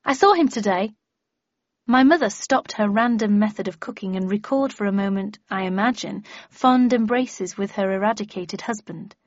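A woman's voice: medium pitch, normal speed, hardly any pauses, no room sound. Woman, audiobook narrator, wry storytelling, dry close sound, slightly muffled. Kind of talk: first-person audiobook narration.

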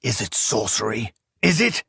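A man voicing a volatile, suspicious emperor who shouts shrill accusations. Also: big pitch swings, moderate pace, creaky, husky, dry recording, studio quality, heavily acted. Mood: frantic.

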